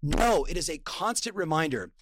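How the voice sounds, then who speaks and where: Guy in his 30s telling a story, kinda high voice, acts out all the lines, dry close sound. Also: moderate pace, no echo. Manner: animated storyteller, acts out dialogue. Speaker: podcast guest. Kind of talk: storytelling, motivational talk.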